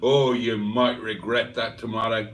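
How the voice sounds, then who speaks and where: A laid-back American guy telling a joke about his dinner, as a livestream host puts him on. He speaks slowly in a lowered voice. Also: flat delivery, fairly bright tone, distant mic. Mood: jokey.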